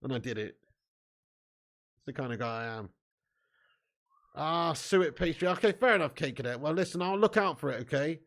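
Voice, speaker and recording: A chatty southern English man hosts a live football watch-along, his voice a little high for a man. Expressive and at normal speed with long pauses, he reads out viewer comments, trades banter and laughs often in casual stream chat.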